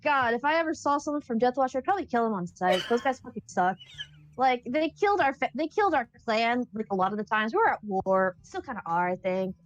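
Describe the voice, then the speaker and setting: A woman's voice: on the high side, sing-song, a little fast, highs cut off. Woman voicing Zapiel, a brash swearing warrior. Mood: angry bravado. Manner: swearing, boastful. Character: brash young Mandalorian warrior, swaggering and hotheaded. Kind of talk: tabletop role-play in character.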